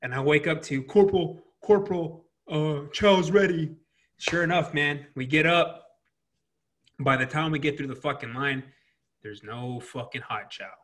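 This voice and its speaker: A man's voice: mid-range voice, normal speed, pushed and bright. A man telling profane military stories in casual chat, full of fillers and laughter. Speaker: Marine veteran interviewer.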